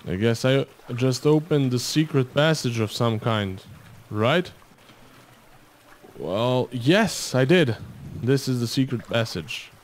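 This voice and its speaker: A man's voice: mid-range voice, animated, slow pace. A man commentating his gameplay, rambling and joking in asides to the viewer. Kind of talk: let's-play game commentary.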